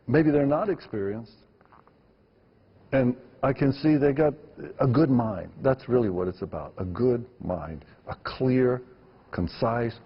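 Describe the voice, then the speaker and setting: A man's voice: mid-range voice, husky, big-room sound, muffled recording. A man, a filmmaker guest, answering interview questions emphatically and repeating words for stress.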